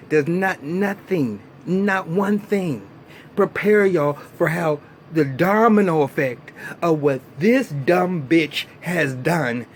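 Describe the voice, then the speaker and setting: A man giving a casual vlog review of a TV episode, ranting in an animated, profane and exasperated way. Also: high voice, a little hiss or hum. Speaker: TV show reviewer.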